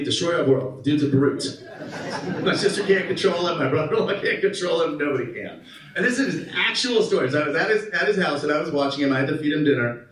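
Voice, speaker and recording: A man in his thirties giving a conference keynote, an animated storyteller who asks the audience questions. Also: fairly high pitch. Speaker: keynote speaker. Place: conference hall. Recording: roomy hall, mic at a distance.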